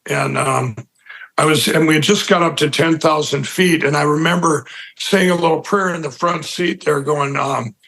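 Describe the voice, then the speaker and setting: A man's voice: on the high side, steady tone, normal speed, creaky, a bit bright, poor audio. A man giving an interview, telling a long personal story in a rambling way with lots of fillers and restarts, acting out the people he quotes. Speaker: interview guest. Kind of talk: conversational storytelling.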